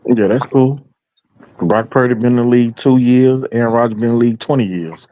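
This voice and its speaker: A man's voice: medium pitch, fairly quick, warm tone, muffled recording. A man panelist in a heated sports debate, combative and profane.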